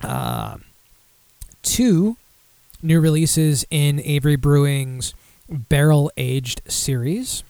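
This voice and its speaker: A man's voice: fairly high pitch, big pitch swings, drawn-out words, gravelly, long pauses, warm tone, clean tone, no echo. A young man hosting a casual podcast, rambling and self-deprecating with lots of fillers while running through beer news. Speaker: podcast host.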